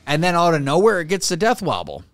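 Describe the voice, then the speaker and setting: A man's voice: on the high side, wildly swooping pitch, quick pace, fairly bright tone, dry recording, faint music behind. A man hosting a reaction video, chatting casually and chuckling at clips. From northern United States. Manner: chuckles often, chatty and amused.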